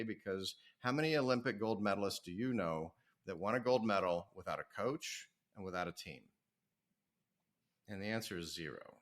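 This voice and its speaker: Man, middle-aged, podcast guest, business coach, low bright voice, energetic storyteller. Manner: energetic, storytelling, self-promoting. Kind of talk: podcast interview.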